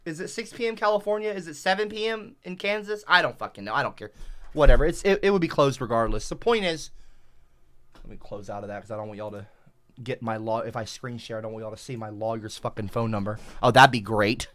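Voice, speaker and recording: A man livestreaming into a headset mic, reading chat aloud and cursing and yelling back at viewers. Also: mid-range voice, fast talker, dry recording. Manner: profane, combative, shouting back at chat.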